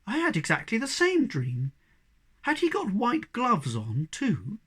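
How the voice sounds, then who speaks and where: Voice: medium pitch, wildly swooping pitch, a little slow, fairly bright tone, slightly rough, pitched above the performer's own voice, exaggerated voice. A reader voicing a curious, earnest young troll boy in a storybook reading.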